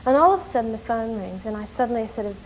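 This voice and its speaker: Excitable chatty woman from New York. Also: on the high side, slight background noise, rough recording. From New York, USA. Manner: animated, rushing and excitable, with many fillers. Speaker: interviewee. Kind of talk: casual storytelling.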